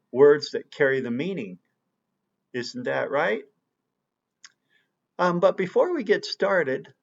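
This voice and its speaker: A male English teacher gives a lesson at a very unhurried pace, stressing each important word with deliberate emphasis. His voice sits at a middle pitch. The recording sounds a little dull and lo-fi. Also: creaky. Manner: slow and deliberate, with emphatic stress on key words. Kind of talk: online language lesson.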